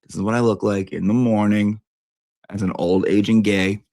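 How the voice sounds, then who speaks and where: A man's voice: on the low side, fairly even intonation, moderate pace, warm tone, no room sound. A man giving a brash, profane, theatrical comic review of beauty products.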